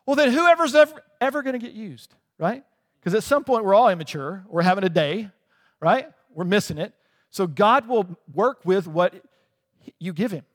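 A pastor preaches a sermon in a long, reverberant hall, his high voice animated at a normal speed. His preaching is conversational, and he often checks in with listeners with frequent "right?" asides.

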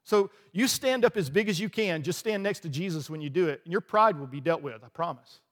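A pastor preaching a lively sermon in a church, with rhetorical questions, asides and small laughs. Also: male voice, fairly high pitch, fairly quick. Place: church sanctuary. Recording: long hall reverb.

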